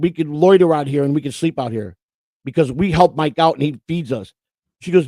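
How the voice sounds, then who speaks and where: A man's voice: fairly high pitch, fast, dry recording. A man from Florida co-hosting a casual livestream, telling long rambling stories and swearing freely. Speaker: co-host.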